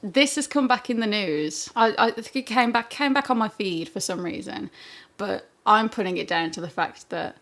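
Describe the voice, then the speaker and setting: A woman co-hosting a relaxed podcast, her voice sitting at an ordinary middle pitch. She tells gossipy stories and breaks into giggles often. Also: normal speed, hardly any pauses. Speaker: podcast co-host. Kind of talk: casual podcast chat.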